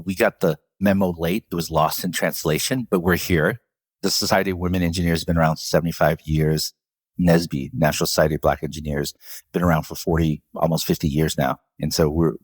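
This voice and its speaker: A man with a very low, husky voice talks through an interview, telling stories from his career and laughing now and then. The sound is close and dry. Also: dry recording. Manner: storytelling, animated when quoting others, laughs often. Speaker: CEO of a professional association, guest. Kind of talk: conversational interview answers.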